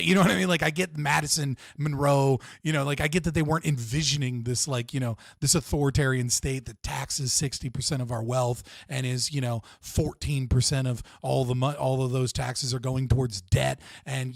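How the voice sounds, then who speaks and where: A young man hosting a livestream, talking casually about politics, swearing freely and telling stories with lively energy over a video call. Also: medium pitch, normal speed, vocal fry, few pauses, no room sound, clean studio sound. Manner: animated storyteller, swears freely, does excited voices in anecdotes. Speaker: livestream host.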